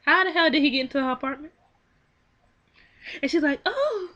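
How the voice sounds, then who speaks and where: A young woman talks through a movie plot in a casual, animated way. Her voice sits a little high and bright. She keeps slipping into quick quoted lines for the characters. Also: lo-fi sound. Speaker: film reviewer. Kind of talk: casual movie recap and commentary.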